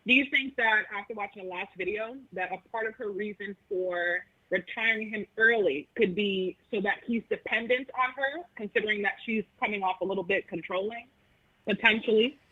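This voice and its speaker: A woman's voice: mid-range voice, moderate pace, highs cut off. Chatty woman caller with a Bronx accent. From the Bronx, New York.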